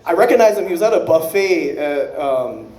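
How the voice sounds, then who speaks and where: A man doing an unrehearsed stand-up set, rambling and profane, with quick self-correcting asides. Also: fairly high pitch, big pitch swings, a little mellow, reverberant, slight background noise. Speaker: stand-up comedian.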